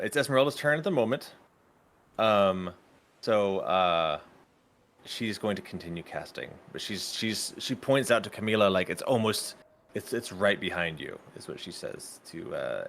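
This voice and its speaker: Deep gravelly man running a tabletop game. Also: animated, measured pace, a bit bright, slight background noise. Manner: hesitant, lots of ums while checking rules. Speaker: game master.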